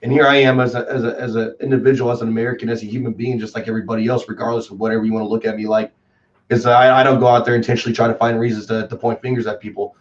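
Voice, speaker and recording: A man in his twenties with a Texan accent, a guest talking in a rambling, excitable way and calling people dude and man. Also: medium pitch, rapid-fire. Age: 20s. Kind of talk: casual chat. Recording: distant, dull lo-fi call audio.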